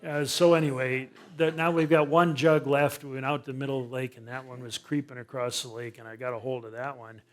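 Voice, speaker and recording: An older man, a naturalist speaker, telling a humorous story to a live audience with lively sound effects and self-deprecating asides. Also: medium pitch, fast talker, hardly any pauses.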